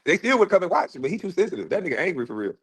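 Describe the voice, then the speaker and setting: A man's voice: sits high, very animated, racing, fairly bright tone, breathy edge. A man talking brashly and boastfully in a livestream chat.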